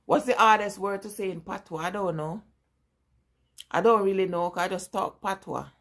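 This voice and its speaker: A woman's voice: mid-range voice, normal speed, a bit bright. A middle-aged Jamaican woman with a strong Jamaican accent, chatting casually and rambling as she answers viewers in a live vlog. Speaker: vlogger.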